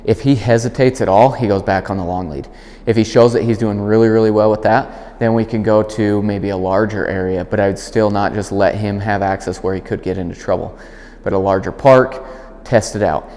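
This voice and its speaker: A man who trains dogs explains a demonstration in a calm voice and gives firm, clear commands. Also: on the low side, brisk. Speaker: dog trainer. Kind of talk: instructional demonstration. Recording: long hall reverb.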